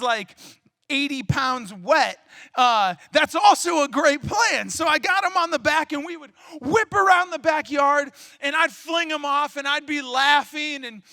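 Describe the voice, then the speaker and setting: A man preaching a sermon and telling stories animatedly, with bursts of shouting. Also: very high voice, a little slow, vocal fry, dry recording. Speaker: pastor.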